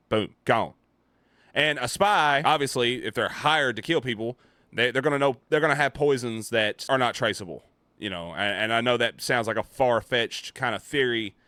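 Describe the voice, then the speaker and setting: Animated man reacting with dry close sound. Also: fairly low pitch, dry recording. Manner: animated, rambling, swears casually. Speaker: commentary YouTuber reacting to a video. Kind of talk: casual reaction commentary.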